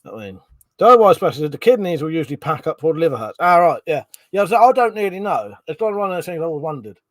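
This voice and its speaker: A man's voice: on the high side, sing-song, fast, no room sound. Sweary man chatting on stream. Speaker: live stream host. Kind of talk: casual chat reading viewer comments.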